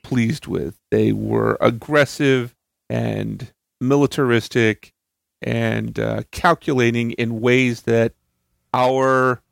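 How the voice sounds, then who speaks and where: A man with a gravelly, creaky voice chatting on a podcast in a wry, joking way. The recording is dry and close to the mic. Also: medium pitch, fairly even intonation, slow pace, dry recording. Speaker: podcast co-host. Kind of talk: casual chat.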